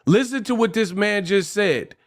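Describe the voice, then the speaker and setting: A man hosting a casual livestream, talking in a lively way, rapping short rhymes and reading donation messages aloud. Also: high voice, moderate pace. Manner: animated, freestyles rhymes, reads donations aloud. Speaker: livestream host.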